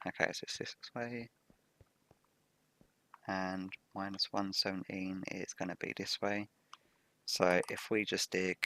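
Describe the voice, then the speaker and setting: A man hosting a game Let's Play with a rough morning voice, explaining each step methodically as he plays. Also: deep voice, sharp tone, a little hiss or hum. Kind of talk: gameplay commentary.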